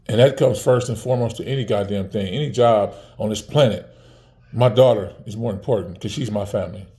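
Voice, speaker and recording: A man's voice: fairly low pitch, a little fast, warm tone. A man in his forties talking casually to the camera, heated and profane, repeating words and restarting often. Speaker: vlogger.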